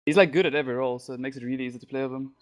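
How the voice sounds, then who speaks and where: A man from South Africa, a guest on a gaming podcast, talking in a relaxed, mumbly way with plenty of fillers. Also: mid-range voice, racing. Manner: laid-back, mumbly, lots of fillers. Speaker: podcast guest, esports player. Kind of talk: casual interview chat.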